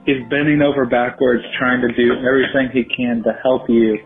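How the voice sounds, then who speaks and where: A man's voice: medium pitch, little pitch movement, fairly quick, faint music behind. Male fan caller, rambly and eager, phone-line sound. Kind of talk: phone voicemail.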